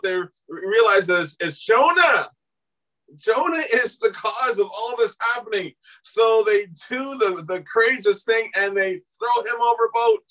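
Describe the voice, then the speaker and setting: A male pastor preaching a sermon, telling a story with animated delivery, acting out quoted voices and rising to shouts at times. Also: sits high, recorded from a distance, poor audio.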